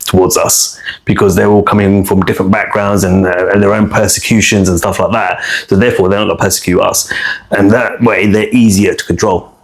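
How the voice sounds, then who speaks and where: Animated man, lowish voice. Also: fairly quick. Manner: animated, repeats words, slangy. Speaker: podcast host. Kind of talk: casual chat.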